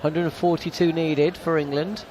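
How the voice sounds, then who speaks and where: A man's voice: fairly high pitch, level tone, normal speed, background noise. A man giving live ball-by-ball radio cricket commentary, chatty and wry.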